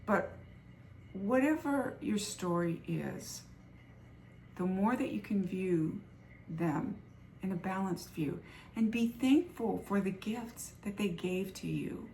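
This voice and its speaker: Older woman vlogger, gravelly and a bit low, earnest storyteller, faint hiss behind her. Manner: animated, earnest storytelling that acts out quoted lines. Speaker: vlogger sharing faith-based recovery stories. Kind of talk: personal storytelling.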